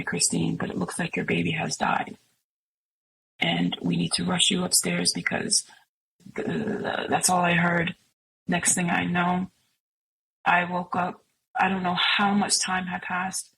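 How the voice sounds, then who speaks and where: A woman's voice: on the low side, creaky, a bit bright, a little hiss or hum, rough recording. A middle-aged woman sharing a personal story as a guest, speaking earnestly and emotionally with many fillers. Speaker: podcast guest.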